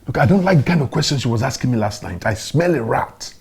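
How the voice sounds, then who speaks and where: An actor with a Nigerian accent playing a controlling, secretive father who turns threatening and shouts when crossed. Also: medium pitch, animated, fast talker, breathy edge. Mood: menacing.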